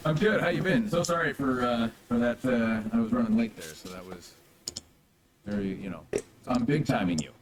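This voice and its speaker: A man's voice: medium pitch, normal speed, crowd noise. A man speaking as an interview guest over a video call, easygoing and loose in casual chat.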